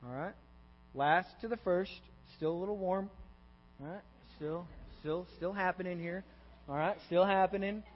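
This high-pitched pastor speaks at a normal speed, keeping his sermon interactive by peppering the congregation with questions and frequent "okay?" and "all right?" check-ins. It's a dull, echoey church sanctuary recording with mains hum underneath.

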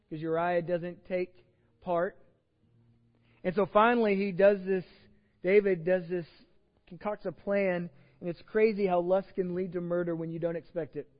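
High-pitched guy preaching a sermon, retelling bible stories all slangy and animated, echoey church, kinda muffled. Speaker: pastor. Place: church sanctuary. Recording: reverberant church hall, slightly dull sound.

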